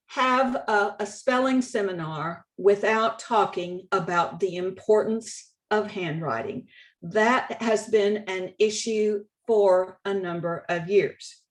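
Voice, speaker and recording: A woman with a Texan accent giving a conference talk on spelling contests, walking through slides in a measured, instructive way. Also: mid-range voice. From Texas. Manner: measured, instructive, reads example quotes aloud. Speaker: state contest director.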